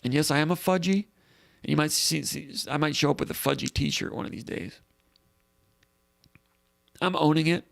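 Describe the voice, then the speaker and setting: Gravelly, slightly high-voiced male host. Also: normal speed, pauses often, dry recording. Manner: thinks aloud, rambling with self-corrections. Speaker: host of a sports call-in show. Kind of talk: casual live chat, reading out viewer comments.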